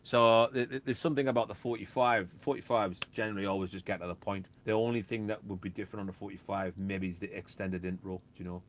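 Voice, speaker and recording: Lively storytelling man, low voice. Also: fast, few pauses, slight background noise. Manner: animated storyteller, acts out beats and quotes. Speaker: guest, DJ and record label owner. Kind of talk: casual chat.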